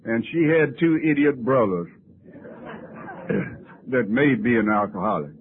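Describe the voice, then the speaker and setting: A man's voice: mid-range voice, animated, slow pace, phone-quality sound. Man, folksy storyteller, wry humor, faint tape hiss. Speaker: recovery meeting speaker. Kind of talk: personal storytelling talk.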